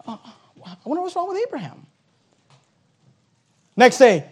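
A man with a high voice preaches with animated energy, jumping into acted-out exchanges between people. He drives his points home bluntly and drops in wry jokes along the way. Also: fairly quick. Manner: animated preaching with acted-out dialogue and rising emphasis; blunt, joking asides. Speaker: pastor. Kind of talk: sermon.

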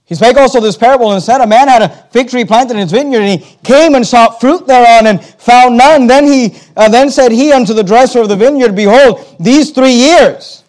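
High-voiced emphatic male preacher. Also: darkish tone. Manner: emphatic, stretches key words slowly, repeats phrases; asides to the congregation. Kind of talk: sermon.

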